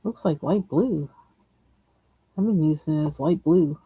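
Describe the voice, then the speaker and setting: On poor audio, a woman with a deep, dark voice and a breathy edge talks a little slowly during her coloring livestream. Her chat is casual and rambling, broken by frequent laughter and trailing pauses as she looks for colors.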